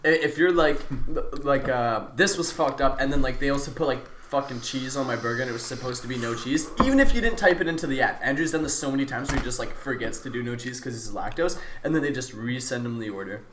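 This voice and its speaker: A man's voice: mid-range voice, animated, fast, few pauses, a bit bright, roomy sound, slight background noise. A man telling rambling, profane stories in casual podcast chat. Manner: rambling, swearing, laughing storyteller.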